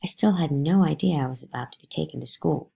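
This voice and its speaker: A woman reading a novel aloud to a class, lively, with pitch jumps on the spoken lines. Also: fast talker, gravelly, breathy edge.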